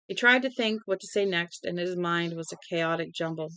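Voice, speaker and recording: A woman's voice: lowish voice, a little fast, sharp tone, clean tone, no room sound, poor audio. A woman reading a novel aloud steadily, with small slips and restarts now and then. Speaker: audiobook reader.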